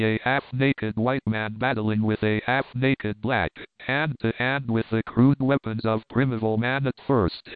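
A man reading an adventure novel aloud in steady, measured narration. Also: mid-range voice, clear, resonant tone, dry recording. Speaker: audiobook narrator. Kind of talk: scripted narration. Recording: tinny phone-like, dry.

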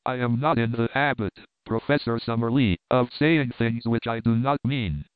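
A stern, domineering old professor, as a man reads him aloud, lecturing with severe, lofty certainty. The voice is smooth and clear, but it sounds dry and thin, like it is coming through a phone line. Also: medium pitch, moderate pace, no room sound, natural voice.

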